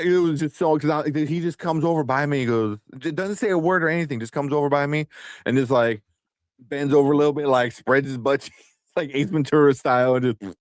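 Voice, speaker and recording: A man in his thirties co-hosting a casual chat, acting out stories about his kids with big jumps in pitch. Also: lively intonation, a little fast, no room sound, clean studio sound. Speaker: podcast co-host.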